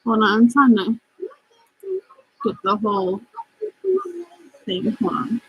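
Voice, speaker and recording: A woman's voice: mid-range voice, fairly even intonation, slow, slightly rough, lo-fi sound. A woman vlogging casually, reading out chat messages and venting in a frustrated, profane, rambling way while upset and stressed.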